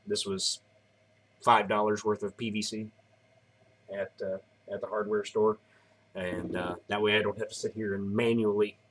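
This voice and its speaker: A man's voice: on the low side, a little mellow. A tired man in his thirties chatting casually on a live stream, rambling as he explains each step. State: tired, yawning.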